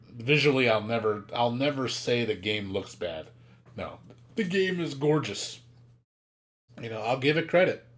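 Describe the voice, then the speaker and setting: Male streamer, casual exasperated rant, profane, mimics others mockingly. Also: mid-range voice. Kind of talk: casual chat.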